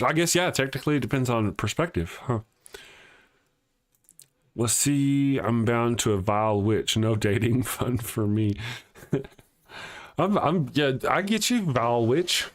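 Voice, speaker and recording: A man hosting a casual live morning show, reading viewer comments aloud and joking, often chuckling as he talks. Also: mid-range voice.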